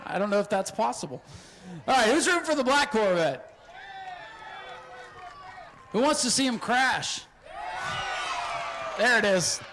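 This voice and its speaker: A man announcing a spectator race from the flag stand at an outdoor speedway, excitable and joking, often shouting. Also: very high-pitched, unhurried, pauses often, some chatter behind, slight background noise, rough recording. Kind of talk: live race commentary over PA.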